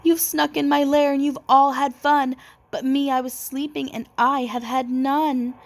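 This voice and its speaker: A woman's voice: high voice, flat delivery, measured pace, voice pushed up. Woman doing a sulky grumpy storybook bear. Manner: whiny, complaining. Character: grumpy big male bear, sulky and sleepy.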